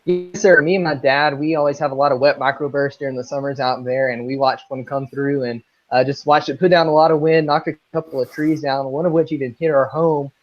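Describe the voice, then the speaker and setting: A man's voice: medium pitch, fairly even intonation, fairly quick, hardly any pauses. Polite young man on a dull lo-fi line. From Northeast Texas. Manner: polite, says "yes, sir", eager. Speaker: guest meteorologist. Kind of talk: casual interview. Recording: dull lo-fi video call.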